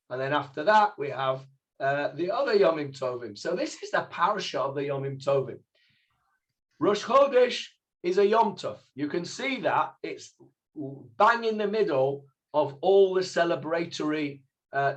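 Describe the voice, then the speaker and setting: A middle-aged man, a rabbi teaching an informal Bible class, who explains Hebrew words step by step and asks the class questions. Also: fairly high pitch. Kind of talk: informal text study class.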